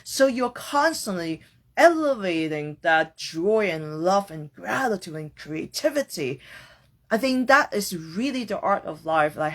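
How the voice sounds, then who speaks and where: A woman hosting a podcast, talking through a reflective personal monologue in an earnest, searching way, casual and with the odd swear word. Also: on the low side. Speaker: podcast host.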